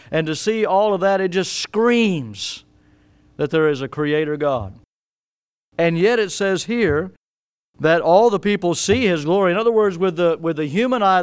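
A man preaching a sermon, swinging between loud emphatic bursts and hushed low phrases, stretching key words and often restarting mid-sentence. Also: clean tone, no echo. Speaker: pastor.

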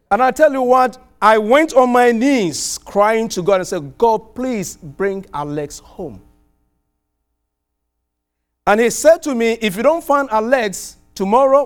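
High-voiced man preaching a story. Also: smooth. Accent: non-American. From outside the US. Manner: animated storytelling, pitch swinging widely. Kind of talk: sermon with personal story.

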